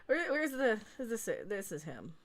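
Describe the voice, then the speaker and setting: Lively, laughing woman streamer. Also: on the high side, moderate pace, a crowd in the background. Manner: chatty, laughs often, animated storytelling. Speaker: livestream host. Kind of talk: casual livestream chat.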